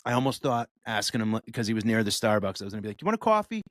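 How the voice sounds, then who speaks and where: A man co-hosting a podcast, telling an animated story with lively swearing and acted-out voices. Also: fairly low pitch, rapid-fire, dry recording, clean studio sound. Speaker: podcast co-host. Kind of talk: casual chat.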